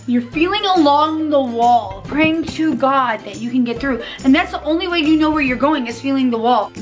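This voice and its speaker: A woman in her thirties, a vlogger telling a personal story in a casual, animated way and acting out the quotes. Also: sits high. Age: 30s.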